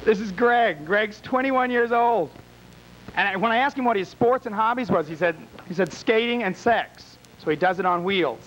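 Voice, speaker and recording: Male emcee, high-pitched, campy, teasing, live bar show. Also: moderate pace, fairly bright tone, slight background noise, poor audio. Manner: teasing, wisecracking. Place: small bar with a live audience.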